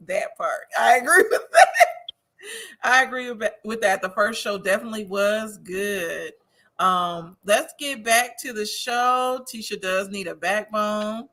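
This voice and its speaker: Woman from Wisconsin, recap show host, bright crisp tone, chatty, laughs a lot, opinionated. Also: medium pitch, measured pace. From Wisconsin, USA. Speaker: host of a TV recap show reading viewer comments. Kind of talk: casual recap chat.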